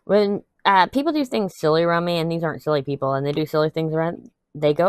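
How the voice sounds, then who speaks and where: A young adult woman vlogger talks fast while crafting, chatting candidly to viewers, rambling, venting, and laughing a bit. Her voice sits low with a darkish, smooth tone, and the recording has no echo.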